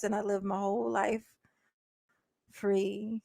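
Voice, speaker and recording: A woman doing casual live-stream commentary, blunt and profane, chatting directly with her viewers and breaking into quick laughs. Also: mid-range voice, vocal fry, no echo, studio quality. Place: indoors at home.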